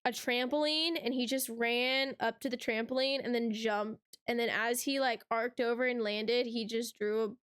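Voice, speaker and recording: A woman's voice: fairly high pitch, steady tone, normal speed, few pauses, fairly bright tone, clear, resonant tone, no echo, clean studio sound. A young woman hosting a reaction channel, ranting casually to camera in a sarcastic, exasperated way, full of rhetorical questions.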